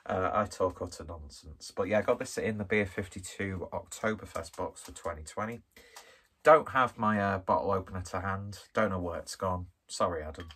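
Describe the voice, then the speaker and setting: Reviewing a beer casually, this Skelmersdale man from northwest England is rambling, jokey and self-deprecating. His low-pitched voice has a fairly bright tone and a breathy edge, and he talks at normal speed.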